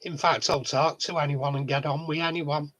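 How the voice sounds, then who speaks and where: A man's voice: on the high side, steady tone, normal speed, fairly bright tone, poor audio. A man in a casual monologue vlog, talking bluntly, swearing freely and chuckling often. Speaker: vlogger.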